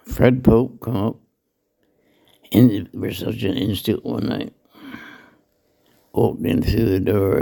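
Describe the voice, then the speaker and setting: An older man, telling salty dialect anecdotes slowly from a hospital room. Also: on the low side, steady tone, dark tone. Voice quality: gravelly, husky. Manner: slow, meandering, salty dialect storytelling. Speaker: storyteller guest.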